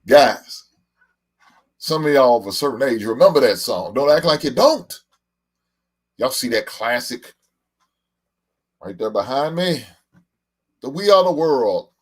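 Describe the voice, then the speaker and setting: A man in his forties rambles through a casual live-stream chat, swearing freely and breaking into laughter as he answers viewers. His pitch rises and falls a lot, and he sounds loose and unscripted. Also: very animated, a little slow, pauses often, husky. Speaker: podcast host.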